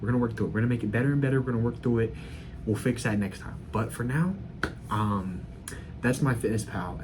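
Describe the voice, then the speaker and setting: A young man in his early twenties hosting a solo vlog. He rambles in a loose, self-deprecating way and swears without a second thought. A faint hum sits under his voice at a mid pitch. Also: rough recording. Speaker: channel host. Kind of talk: casual solo vlog commentary.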